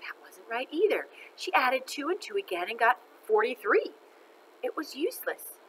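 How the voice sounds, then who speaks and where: Expressive woman reading a children's book aloud, bright voice. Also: high voice, moderate pace, slight background noise, rough recording. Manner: expressive, animated, laughs between lines. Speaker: storyteller.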